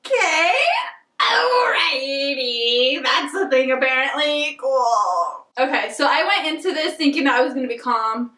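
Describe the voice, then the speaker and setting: A woman's voice: high-pitched, normal speed, bright, forceful tone, far from the mic. A young woman gushing and squealing as she reacts to a music video, laughing and swearing often. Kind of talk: excitable reaction vlog. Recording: echoey room, voice off-mic, music playing.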